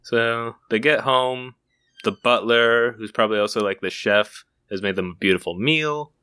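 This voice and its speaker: A man's voice: mid-range voice, moderate pace, sharp tone, smooth, dry recording. A man on a comedy podcast, casually spinning an improvised story and often laughing as he talks. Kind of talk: casual chat.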